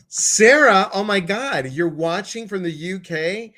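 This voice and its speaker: A man's voice: fairly high pitch, expressive, slow, pushed and bright. A man hosting a casual live-stream interview, chatty and exuberant, greeting viewers and reading their comments aloud. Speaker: host.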